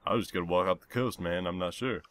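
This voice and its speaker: Brash swaggering gamer man, very deep. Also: fast talker, no echo. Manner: brash, profane, talks about himself in the third person. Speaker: let's play gamer. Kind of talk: in-character game role-play.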